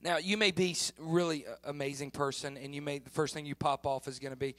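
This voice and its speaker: Bright, high-voiced male preacher. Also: fairly even intonation, a little fast, hardly any pauses. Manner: conversational preaching, building to emphatic peaks. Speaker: pastor. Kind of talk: sermon.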